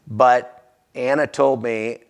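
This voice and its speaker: A man's voice: mid-range voice, steady tone, slow pace. A man earnestly recounting a personal anecdote from his charity volunteer work in a folksy, conversational way.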